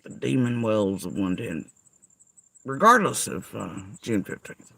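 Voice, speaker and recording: A man's voice: on the low side, very animated, a little slow, vocal fry, bright, forceful tone, breathy edge, dry recording, poor audio. Sarcastic, swearing man on a rant. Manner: profane, sarcastic, confrontational. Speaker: vlogger. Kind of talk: angry ranting monologue.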